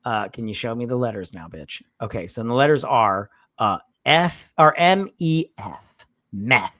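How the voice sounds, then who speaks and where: A man's voice: medium pitch, animated, unhurried, a bit bright, dry recording. A man co-hosting a casual movie-review podcast, rambling, swearing, and acting out the scenes in voices. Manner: rambling, profane, acts out characters in voices. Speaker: podcast co-host. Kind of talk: casual drunk movie recap.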